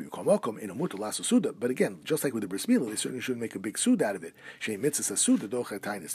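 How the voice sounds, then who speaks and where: A man's voice: mid-range voice, darkish tone, slightly rough, dry recording. A man teaching a class on Jewish law, reading rabbinic phrases aloud and then translating them. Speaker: Torah teacher.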